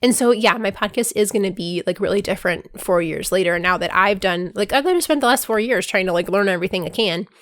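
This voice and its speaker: A woman hosting her own podcast, talking casually in a voice hoarse from being sick, filling her sentences with "like" and breaking into bursts of excitement. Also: mid-range voice, fast talker, few pauses, no room sound, clean studio sound. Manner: chatty, fills with "like", bursts of excitement. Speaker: podcast host. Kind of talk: casual solo podcast monologue.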